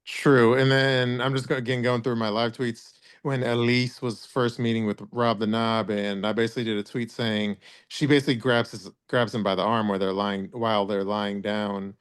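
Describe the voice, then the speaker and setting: A man's voice: medium pitch, little pitch movement, normal speed, hardly any pauses, clean tone. Rambling, crude-joking man co-host. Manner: rambling, restarts often, crude jokes. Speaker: podcast co-host. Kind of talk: casual chat.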